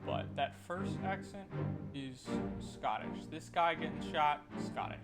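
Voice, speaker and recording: A man's voice: on the high side, lively intonation, a little slow, over loud music. A man streaming a game live, commenting casually and swearing as he works things out. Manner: profane, thinking aloud.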